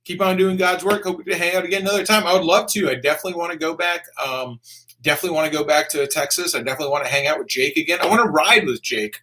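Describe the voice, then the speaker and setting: Excitable, bright-voiced biker guy on a live stream. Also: a little high. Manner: laid-back, swears freely, calls everyone dude and man; bursts of excitement and quick laughs. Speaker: motorcycle vlogger reading live-stream donations. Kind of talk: casual live-stream chat.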